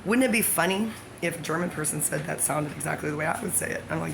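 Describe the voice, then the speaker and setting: A woman talks straight to the camera in a loose, wandering monologue, stopping to correct herself and toss in jokes. Her voice has a gravelly fry to it. A clear layer of background noise sits under the recording. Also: low voice, quick pace. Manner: scattered, self-correcting, jokey asides. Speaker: vlogger.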